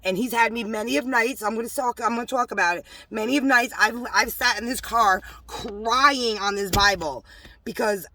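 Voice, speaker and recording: A woman, rambling emotionally about her faith from inside a parked car, mixing loud bursts with hushed asides. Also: a little high, no room sound. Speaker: religious vlogger. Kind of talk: casual spiritual testimony to camera.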